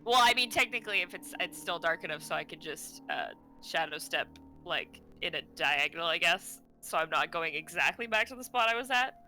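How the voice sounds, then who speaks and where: A woman with a bright, forceful voice, chatting casually as a tabletop game player. She laughs easily and swears offhandedly, with faint music behind her. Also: on the low side, expressive, fairly quick, few pauses, poor audio.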